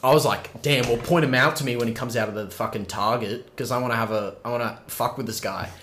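A young man chats with his friends, swearing freely as he tells his story. His voice sits at a middling pitch. The room around him is roomy and echoey. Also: quick pace, a bit bright, a little hiss or hum. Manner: swears a lot, acts out voices in his stories. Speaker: podcast co-host. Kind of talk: casual chat among friends. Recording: roomy echo.

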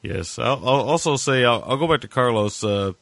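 A man's voice: medium pitch, lively intonation, normal speed, creaky, a bit bright, dry recording. A man co-hosting a casual movie review podcast, rambling and sarcastic, with lots of filler words. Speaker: podcast co-host.

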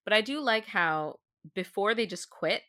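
A woman's voice: medium pitch, animated, normal speed, sharp tone, no room sound, clean studio sound. A woman co-hosting a podcast in a casual chat, thinking aloud with lots of fillers. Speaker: podcast co-host.

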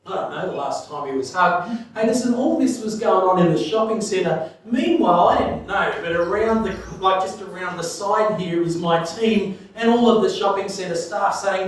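Speaking at normal speed with few pauses, a pastor shares a story from the pulpit of a large, echoing hall, captured off-mic at a distance, his voice sitting high for a man. He's animated and laughs often, going from loud to hushed at tender points, over a faint ambient hum.

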